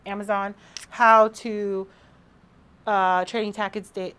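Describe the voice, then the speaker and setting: Speaking at a medium pitch, this woman in her thirties chats to camera like a vlogger. She's excited and tends to ramble with lots of restarts, yet her delivery is slow and smooth.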